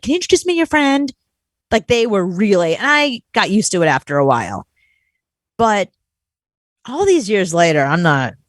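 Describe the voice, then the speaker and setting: Young woman co-host, animated casual chat, dry close sound. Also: lowish voice, no echo. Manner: animated, quick to act out quotes.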